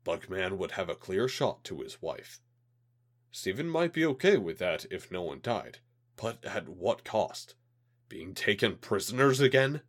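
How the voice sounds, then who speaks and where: A man reading a science fiction story aloud, with lively, dramatic storytelling, while slightly ill. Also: sits low. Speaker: narrator. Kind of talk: amateur audiobook reading of sci-fi story.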